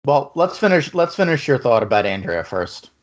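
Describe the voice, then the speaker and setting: A man's voice: medium pitch, big pitch swings, normal speed, highs cut off. A man hosting a casual group podcast chat, joking around and quoting movie lines. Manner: jokey, quotes movie lines.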